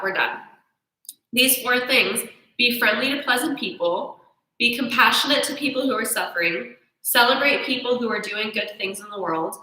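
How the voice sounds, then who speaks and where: A young woman teaching yoga philosophy in a casual, animated way, often checking in with "right?". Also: fairly high pitch, very echoey, low-quality recording. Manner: animated storytelling with self-quotes, frequent "right?".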